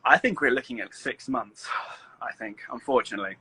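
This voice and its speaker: A man's voice: medium pitch, fairly quick, bright, forceful tone, slightly rough, poor audio. A man with an English accent joking in a casual live-stream chat at home. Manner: joking, playful.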